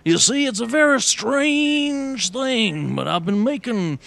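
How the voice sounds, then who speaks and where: A woman voicing a hesitant, awkward male crew member in an audio comedy, talking in a halting drawl. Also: a little high, lively intonation, vocal fry, a bit bright, exaggerated voice.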